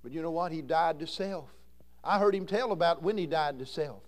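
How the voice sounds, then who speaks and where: A man preaching a sermon as an evangelist, telling stories and swinging from hushed, slow lines to loud, drawn-out shouts. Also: on the high side.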